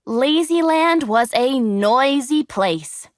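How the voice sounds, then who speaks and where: Slow, clear woman reading a storybook. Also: a little high, expressive, no room sound, clean studio sound. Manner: clear, simple, measured delivery. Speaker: narrator.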